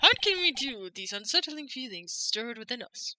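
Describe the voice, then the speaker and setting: A woman's voice: fairly high pitch, normal speed, noisy background. A woman streamer hosting a playful, casual chat while voice-acting a courtroom game. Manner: playful, animated. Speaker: streamer, host.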